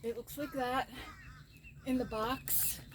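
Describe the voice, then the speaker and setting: A woman's voice: steady tone, slow pace. A woman casually chatting while filming outdoors in her backyard, talking viewers through her setup. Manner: chatty, calls to her cat in a high sing-song. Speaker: vlogger. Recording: outdoor background noise.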